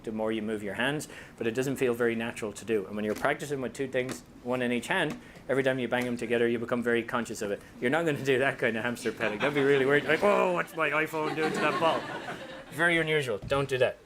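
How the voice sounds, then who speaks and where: An Irish man presents a lively comedic talk to a live audience, joking and dropping into quick character voices. His voice sits at a middling pitch. A faint low rumble runs underneath. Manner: animated and joking, slips into voices for quotes. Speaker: speaker and author.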